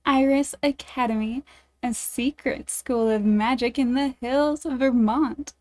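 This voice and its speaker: A bubbly woman streamer with a somewhat high voice, reading a magic dating game aloud at an unhurried pace. She chats with her viewers in between, giggly and self-deprecating. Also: fairly even intonation, darkish tone.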